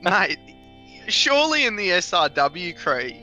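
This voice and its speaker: A man with an Australian accent, a sim racing commentator chatting with a driver in a loud, matey way. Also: high voice, sing-song, a little slow, soft background music. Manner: boisterous, matey, laughs often. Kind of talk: live race commentary chat.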